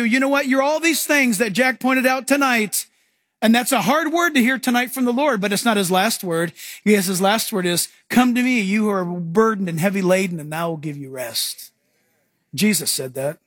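High-voiced man preaching a sermon. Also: a bit bright, no echo, clean studio sound. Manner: earnest, emphatic preaching with repeated phrases. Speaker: pastor. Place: church.

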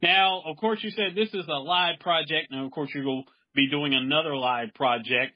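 A man hosts the interview with friendly, curious questions, often restarting mid-sentence. His voice sits a little high. The sound is dull and lo-fi. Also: moderate pace. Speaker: interview host. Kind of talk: casual interview.

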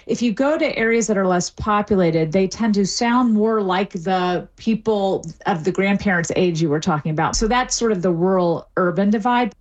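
A woman's voice: mid-range voice, a little mellow. Articulate middle-aged woman explaining. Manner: fluent, explanatory, with small restarts. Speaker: linguistics professor, guest. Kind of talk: expert radio interview.

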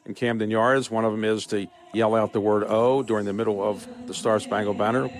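An older man speaking as a guest in a radio interview, measured and conversational. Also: lowish voice, flat delivery, a little hiss or hum. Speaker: interview guest, team owner.

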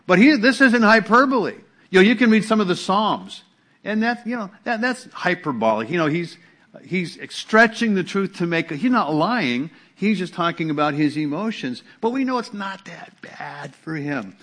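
A man's voice: a little high, fairly bright tone. A man as pastor preaching a conversational, emphatic sermon, often restarting words.

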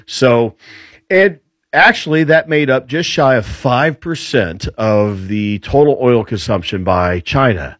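A man speaking as a guest commentator on military affairs, laying out his points in a lively, rambling way. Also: mid-range voice, breathy edge, no room sound. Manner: lively explainer, rambling with restarts. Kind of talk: casual political talk.

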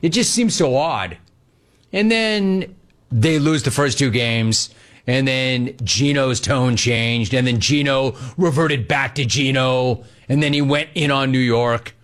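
A man's voice: medium pitch, slow pace, a bit bright. A man hosting a sports talk radio show, giving a sarcastic and emphatic monologue.

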